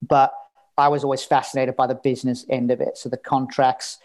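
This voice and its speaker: A man's voice: mid-range voice, level tone, fairly quick, a little mellow. A man talking as a podcast guest, telling his story in a candid, casual way and swearing now and then. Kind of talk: casual interview chat.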